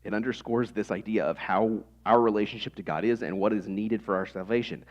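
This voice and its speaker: A man in his thirties preaches a sermon, his voice sitting fairly low. He talks to the congregation conversationally and leans on rhetorical questions. The church recording is dull and lo-fi. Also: fairly quick. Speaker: pastor.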